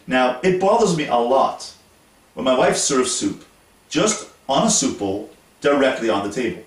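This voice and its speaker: A man from Montreal, Canada, hosting an instructional talk to camera in a slow, deliberate, explanatory way. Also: mid-range voice, very animated. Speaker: host. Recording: roomy echo, voice from a distance.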